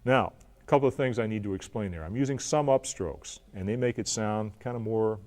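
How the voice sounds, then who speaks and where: A man teaching an acoustic blues guitar lesson, talking in a relaxed way while he plays and counts along. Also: lowish voice, brisk. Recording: loud guitar under the voice. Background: acoustic guitar playing.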